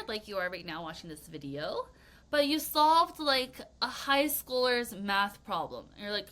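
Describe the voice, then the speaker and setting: A young woman leads a children's vocabulary lesson with a bright, clear tone and a very lively, bouncing pitch. She acts out example reactions with gasps and exclamations. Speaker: English vocabulary teacher.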